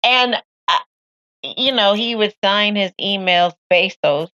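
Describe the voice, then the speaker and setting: A woman's voice: medium pitch, takes it slowly, bright, forceful tone, muffled recording. A woman co-hosting a casual chat, telling a story and laughing often as she acts out quotes. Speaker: podcast host.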